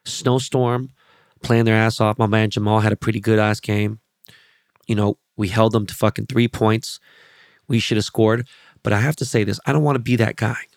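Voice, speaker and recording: A man's voice: fairly low pitch, steady tone, moderate pace, vocal fry, dry recording, clean studio sound. A man hosting a podcast, telling rambling, profanity-laced stories in a loose, casual monologue. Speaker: podcast host.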